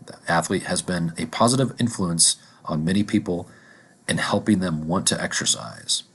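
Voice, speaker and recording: A man teaching a vocabulary lesson, deliberately repeating each word and its examples. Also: low voice, fairly bright tone, slightly rough.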